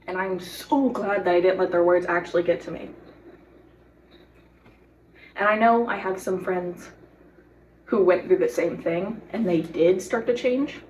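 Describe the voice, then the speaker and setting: A woman's voice: on the low side, a little mellow. A teenage girl baking at home, giving earnest advice straight to the viewer with lots of giggles. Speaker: baking vlogger. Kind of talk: casual baking vlog with advice. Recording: voice from a distance off the mic, faint noise.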